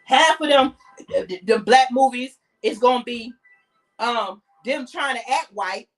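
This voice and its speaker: Female podcast host, African American English accent, high voice, blunt and profane, a bit off-mic. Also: lively intonation, unhurried, far from the mic, faint music behind. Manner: blunt, heated, profane ranting. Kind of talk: impassioned monologue.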